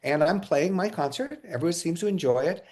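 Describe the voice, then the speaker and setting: A man being interviewed, telling casual stories in an animated way, acting out quotes and often laughing. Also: fairly high pitch, brisk. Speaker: interview guest, musician.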